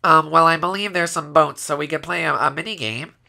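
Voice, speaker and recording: A man voicing a creepy male alien who talks in a slow, formal way during a game role-play. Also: fairly high pitch, vocal fry, sharp tone, exaggerated voice. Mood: calm.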